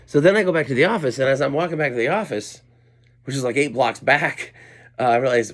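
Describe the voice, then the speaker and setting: A middle-aged man, a comedian, tells a story at home late at night in a loose, rambling way. He keeps mocking himself and wandering off into asides, and his voice sits at an ordinary middle pitch. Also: fast. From Colorado, USA. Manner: rambling and self-deprecating, with many asides and restarts. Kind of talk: casual storytelling monologue.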